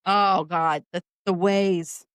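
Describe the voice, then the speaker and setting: A woman's voice: fairly low pitch, takes it slowly, clear, resonant tone, no echo. A woman, co-hosting a podcast in casual chat and acting out the voices in her stories. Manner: animated storyteller, acts out quoted voices. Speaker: podcast co-host.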